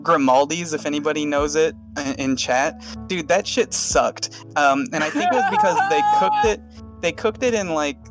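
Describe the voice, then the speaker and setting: A man's voice: a little high, a bit bright. A man co-hosting a podcast live stream, rambling and laughing through a casual story with many fillers. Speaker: podcast co-host.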